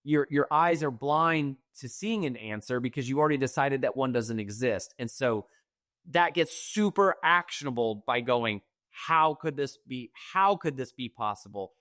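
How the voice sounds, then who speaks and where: A man appearing as a guest author in a podcast interview, speaking in an emphatic, motivational way with quick bursts. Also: mid-range voice, expressive, fairly bright tone, no echo, studio quality. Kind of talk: conversational interview.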